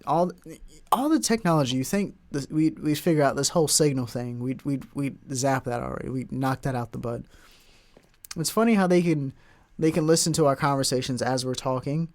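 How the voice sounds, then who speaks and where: A man's voice: mid-range voice, brisk. Laid-back young man rambling on a podcast. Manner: rambling, relaxed slang-filled talk. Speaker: podcast host. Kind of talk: casual solo podcast talk.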